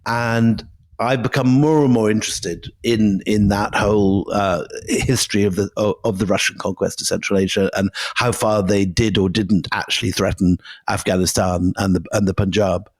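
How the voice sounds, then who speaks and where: A man in his fifties, a podcast co-host, talking over history in a measured, reflective way with a few fillers. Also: on the low side, fairly even intonation. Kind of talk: conversational history chat.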